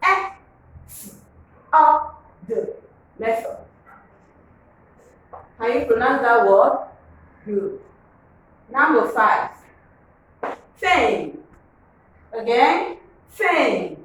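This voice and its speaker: A woman teaching a phonics lesson, drilling words slowly and asking the class to repeat them. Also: fairly high pitch, animated, a bit bright, a little hiss or hum. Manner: slow, drilling, repeats words and asks to pronounce. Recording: echoey room, voice from far off.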